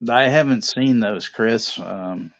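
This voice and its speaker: A man's voice: lowish voice, slow pace, vocal fry, no echo. Man spinning profane stories, muffled audio. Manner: storytelling, profane, laughing. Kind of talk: casual chat on a livestream. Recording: dull lo-fi sound.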